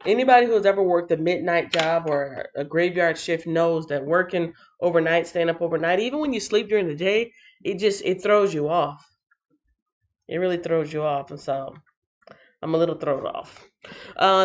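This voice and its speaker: Tired from a night shift, a Texan woman hosts a casual livestream and reads out chat comments in an animated, playful way, now and then breaking into sing-song. Her voice is lowish and moderately paced, and the audio is dull.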